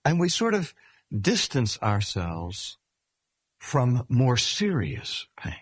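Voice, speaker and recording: An older man preaching a sermon in a measured, emphatic way, slowing down to stress key phrases. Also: medium pitch, wildly swooping pitch, husky, dry recording, clean studio sound. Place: speaking at a cancer hospital.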